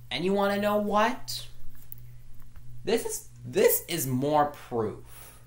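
A woman's voice: medium pitch, sing-song, slow. A woman ranting in a frustrated, repetitive way, stumbling and restarting her sentences. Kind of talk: angry vlog rant. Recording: echoey room.

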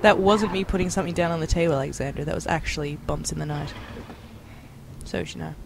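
A woman's voice: low voice, fairly even intonation, quick pace, creaky. A woman co-hosting a let's play, chatting casually, teasing and joking with friends. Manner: teasing, joking, laughs often. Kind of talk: casual gaming chat. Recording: noisy home recording.

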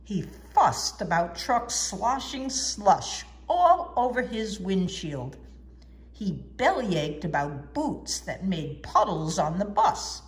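A woman reading a children's storybook aloud in an expressive, sing-song way. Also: medium pitch, slow. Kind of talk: children's book read-aloud.

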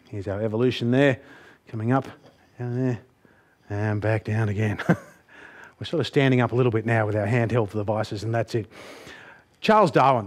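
A man giving a humorous, animated motivational presentation and putting on voices for his stories. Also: mid-range voice. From Australia. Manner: jokey, animated, puts on voices. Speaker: motivational speaker.

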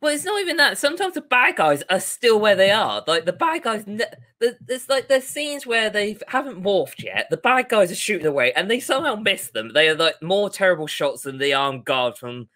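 Man, casual podcast co-host, animated storyteller, bright tense voice. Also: sits high, normal speed, hardly any pauses. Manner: animated, retells scenes with put-on quotes. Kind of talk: casual chat.

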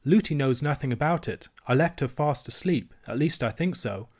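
A man's voice: a little high, lively intonation, normal speed. A man reading aloud and voicing a young princess girl who is earnest and insistent, speaking with a raised, eager voice.

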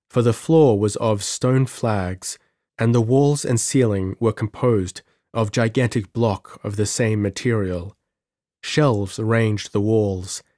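A man narrating an audiobook in a measured, dramatic storytelling manner. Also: on the low side, mellow, no room sound, studio quality.

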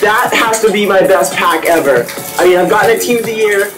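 A mobile game YouTuber giving excited commentary while opening card packs, exclaiming loudly at each reveal. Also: mid-range voice, fairly quick, low-quality recording. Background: background music.

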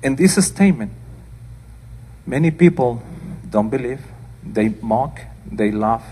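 A man's voice: mid-range voice, lively intonation, takes it slowly, dark tone, slight background noise. An older man preaching as a pastor, speaking earnestly and plainly, with informal asides between scripture readings in a church. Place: church sanctuary. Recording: church hall reverb.

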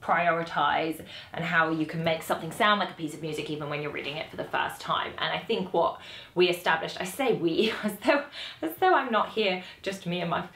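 Bright, chatty British woman teaching. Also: fairly low pitch, a little fast. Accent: British English. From Britain. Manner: chatty, self-mocking, laughs at herself. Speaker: saxophone teacher. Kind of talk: casual music lesson to camera. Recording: echoey room.

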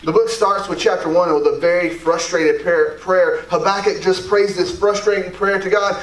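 Excitable high-voiced man preaching in a church. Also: normal speed, few pauses. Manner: enthusiastic, conversational, calls for congregation responses. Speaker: pastor. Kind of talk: sermon. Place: church sanctuary. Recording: roomy, distant church recording with faint background noise.

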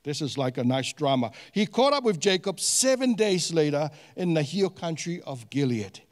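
A male pastor delivering a sermon with a notably high voice. He talks in an animated way, throwing rhetorical questions at the congregation and stumbling through fillers and restarts. The sound carries a long reverb from a large church room. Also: normal speed. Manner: many fillers and restarts while teaching.

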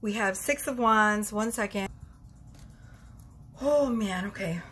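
A woman tarot reader talking casually to the camera from her bedroom, chatty and quick to laugh as she pulls cards. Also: mid-range voice, a bit bright, a little hiss or hum. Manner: chatty, laughs often, talks straight to viewers. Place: bedroom at home.

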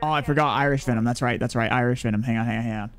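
A man's voice: mid-range voice, steady tone, racing. A man streaming a shooter game live, chatting loosely with his viewers and swearing freely as he plays. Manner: loose, chatty and profane, talking to chat. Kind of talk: casual live gameplay commentary.

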